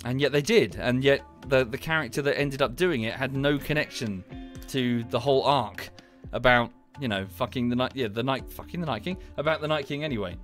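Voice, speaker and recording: A man streaming a game, rambling in a casual chat that turns into heated ranting with sudden high outbursts. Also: a little fast, few pauses, fairly bright tone, soft background music. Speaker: gaming streamer.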